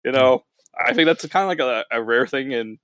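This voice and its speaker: A man's voice: medium pitch, animated, fairly quick, a bit bright, smooth, dry recording, studio quality. A man in a casual podcast chat, speaking hesitantly with little laughs between phrases.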